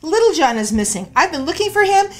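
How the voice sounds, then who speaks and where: A woman's voice: very high-pitched, big pitch swings, fast talker, a little mellow. An actress playing a frantic, worried mother who demands answers. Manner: alarmed, demanding.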